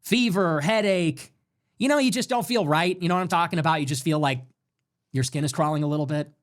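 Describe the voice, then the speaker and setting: A man holds forth on his livestream in a loud, emphatic rant, swearing freely as he goes. His voice sits a touch high for a man, and he pushes through even though he is sick with a fever. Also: brisk. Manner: animated, emphatic, swears often. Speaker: livestream show host. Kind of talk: ranting livestream monologue.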